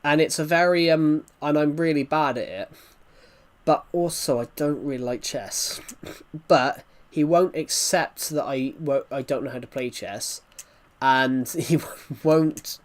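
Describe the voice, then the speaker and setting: A man's voice: on the high side, a little slow. A man, a gaming streamer, telling a story in casual chat with rambling restarts.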